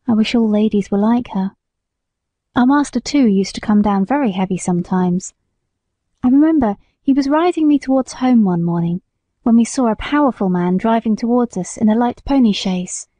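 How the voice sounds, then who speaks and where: A woman narrating a classic novel in a calm, measured storytelling manner. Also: mid-range voice, no echo. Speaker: audiobook narrator. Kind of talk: scripted narration.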